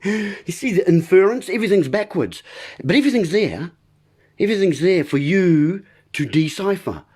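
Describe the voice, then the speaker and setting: Husky New man punning. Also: sits high, sing-song, moderate pace, darkish tone. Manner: playful wordplay, addresses listeners as folks. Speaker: host. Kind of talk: rambling monologue.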